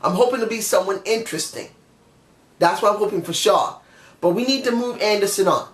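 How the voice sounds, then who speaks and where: A man's voice: sits high, fairly quick, a bit bright, reverberant. A man giving a casual, opinionated review monologue, chatty and often correcting himself mid-sentence. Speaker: wrestling show reviewer.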